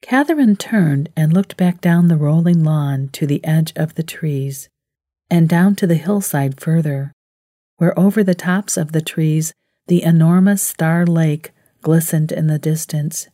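A woman narrating a novel in a low, mellow voice. Her calm, measured delivery sits in a close, dry recording. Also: no room sound. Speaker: audiobook narrator. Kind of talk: scripted narration.

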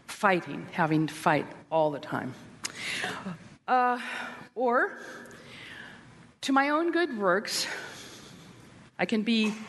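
A woman's voice: mid-range voice, a bit bright, slight background noise. A middle-aged woman giving a candid, self-deprecating talk to women, with wry asides. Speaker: Christian women's speaker. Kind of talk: conference talk. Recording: long hall reverb.

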